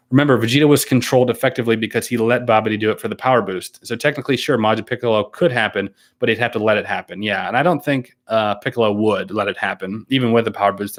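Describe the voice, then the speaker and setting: On his casual live stream, a YouTuber reads viewer comments aloud in turn, his slightly low voice easygoing and unhurried. He stalls on ums, restarts his sentences and laughs readily as he goes.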